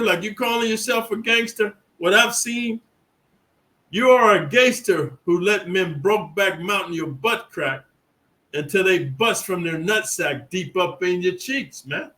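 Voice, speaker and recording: A man's voice: a little high, pushed and bright, poor audio. A middle-aged man from California telling prison stories in a boastful, rambling, streetwise monologue. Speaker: prison storyteller. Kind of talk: casual profane monologue.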